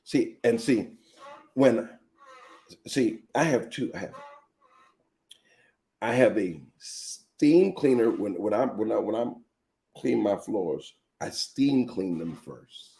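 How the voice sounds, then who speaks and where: A man hosting a live teaching show as a pastor, telling animated personal stories and speaking straight to his viewers. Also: on the low side, slow pace, creaky, long pauses.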